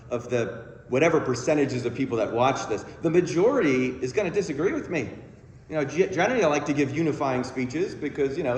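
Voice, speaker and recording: A man's voice: medium pitch, a little hiss or hum. A man working as a therapist gives a conversational, self-deprecating church talk, often checking in with the audience. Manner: conversational, self-deprecating, frequent "okay?" asides. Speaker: guest speaker, therapist. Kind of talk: sermon-style talk with humor. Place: church sanctuary. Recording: roomy hall reverb, faint ambience.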